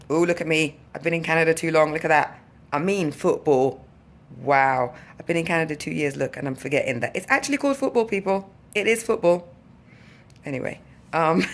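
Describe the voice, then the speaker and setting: A woman telling a story to her vlog viewers in a chatty, animated way, with asides to the audience. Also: low voice, a little hiss or hum. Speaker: vlogger. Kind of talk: casual storytelling to camera.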